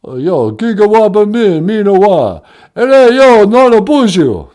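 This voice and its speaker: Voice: mid-range voice, sing-song, a little slow, dark tone. A performer doing a mumbling tough-guy impression of a washed-up male movie star, drawling. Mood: proud.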